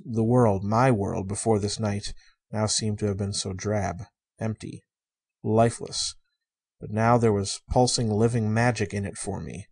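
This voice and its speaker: A man reading a story aloud in the first person, in a measured, emotive way. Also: lowish voice, steady tone, creaky, a little mellow, husky. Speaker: audiobook narrator.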